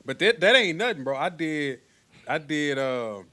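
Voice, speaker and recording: A man's voice: fairly high pitch, very animated, measured pace, pushed and bright. Laid-back man from East Texas. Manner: loose, laid-back slang. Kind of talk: casual livestream chat.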